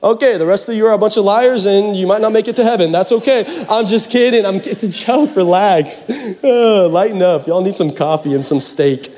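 A man's voice: high-pitched, brisk, a little mellow. A man preaching a sermon, casual and joking as he talks straight to the congregation. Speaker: pastor.

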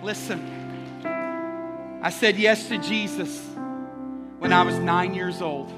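A man preaching a sermon as pastor, building through rhythmic repeated phrases into emphatic shouts. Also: sits high, slow pace, over music. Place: church sanctuary. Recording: long reverb of a large hall.

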